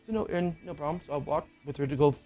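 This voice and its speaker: Middle-aged guy rambling thru a ghost story, kinda high voice, swears a lot, lots of ums. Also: fairly even intonation, racing, mellow, soft background music. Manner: rambling, profane, with filler words. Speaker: podcast co-host. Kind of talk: casual storytelling chat.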